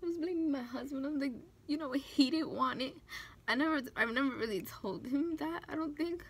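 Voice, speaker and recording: A young beauty vlogger, close to tears, talks emotionally while doing her makeup on camera for a tutorial. Her voice sits high, and she speaks haltingly, with many restarts and fillers.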